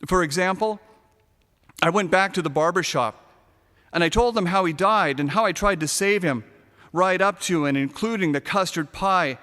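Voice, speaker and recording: A man reads a first-person story aloud in a sardonic, darkly comic voice and lets some punchlines burst out as shouts. His voice sits a little high and sounds smooth and resonant. A long reverb trails behind his words. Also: normal speed. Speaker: narrator reading a short story.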